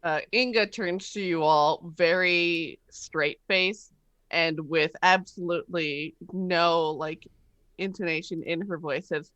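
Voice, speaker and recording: A woman's voice: low-pitched, unhurried, fairly bright tone, no room sound. A woman playing a tabletop game, describing her character's actions. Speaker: player.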